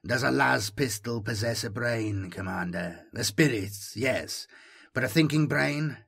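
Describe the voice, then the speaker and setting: A grave male Inquisitor, pious and solemn, speaking with a measured, priestly cadence, as a man reads him in an audiobook. The voice sits at a middling pitch with a husky, slightly breathy edge. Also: a bit bright, full character voice.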